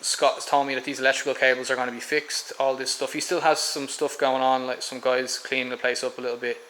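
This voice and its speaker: This is a fast-talking Irish man giving a casual walking tour of a house for sale on a tropical island, with ums and restarts as he goes from room to room. His mid-range voice barely moves in pitch and has a fairly bright tone; the low-quality recording carries a little hiss or hum.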